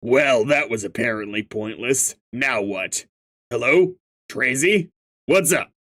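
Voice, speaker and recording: Slow-talking man reading a webcomic aloud. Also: medium pitch, animated, fairly bright tone. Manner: stammers and laughs often, reacts with sudden outbursts. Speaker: webcomic reader and reactor.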